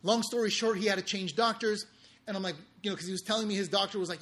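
Animated man saying "okay?" a lot. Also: high-pitched, fast talker. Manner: animated, repeats "okay?" constantly, slangy. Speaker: podcast host. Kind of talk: casual storytelling to viewers.

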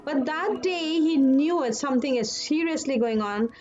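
A woman's voice: high voice, expressive, darkish tone, muffled recording. A woman guest earnestly telling a personal story about her husband and a frightening dream, her words speeding up when she quotes herself. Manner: earnest, emotional, fast bursts when quoting. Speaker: podcast guest.

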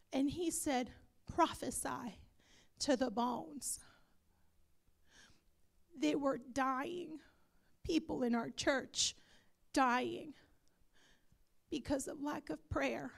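Woman pastor, fervent sermon, high and gravelly, measured delivery. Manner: fervent, breaks into whispered prayer. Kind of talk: sermon and prayer. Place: church.

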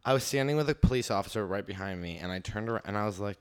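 A man's voice: on the low side, rapid-fire, hardly any pauses, smooth. A man co-hosting a comedy podcast, joking and telling anecdotes in casual chat. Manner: lively, joking, theatrical asides. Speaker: podcast host.

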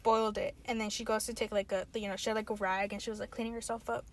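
A woman's voice: medium pitch, little pitch movement, fast talker. A woman casually recapping a movie, rambling and filling her talk with "like". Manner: rambling, heavy use of "like", acts out quotes.

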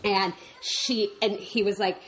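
A woman co-hosting a podcast in casual chat, talking fast and loose with lots of "like" fillers and laughing as she goes. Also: mid-range voice, steady tone, fairly bright tone. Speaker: podcast co-host. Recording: background noise.

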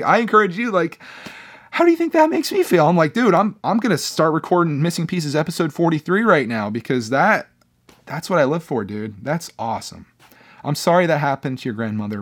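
A young man hosts his own podcast and talks in an easy, casual way. He sounds earnest and chatty, with plenty of fillers and restarts as he reads out listener comments and responds to them. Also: mid-range voice. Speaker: podcast host. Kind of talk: casual solo podcast talk.

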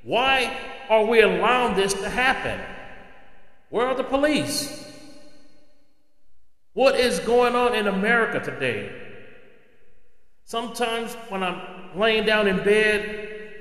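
A man's voice: high-pitched, sing-song, slow, long pauses, fairly bright tone. A man hosting a solo opinion podcast, ranting indignantly and firing off rhetorical questions. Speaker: podcast host. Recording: echoey room with long reverb.

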